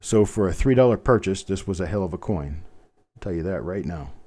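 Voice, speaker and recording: A man's voice: deep voice, lively intonation, a little fast, mellow. A man in his fifties with a general Midwestern accent, hosting a live coin-hobby stream in a chatty, folksy way with rambling asides. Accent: general Midwestern American. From American Midwest. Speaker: coin hobby livestream host. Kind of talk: live unboxing commentary.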